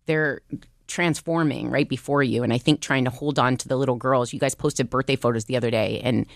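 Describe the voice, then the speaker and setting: A woman co-host chatting candidly in a podcast conversation, animated and quick with asides. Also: extremely low pitch, no room sound, clean studio sound. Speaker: talk show co-host.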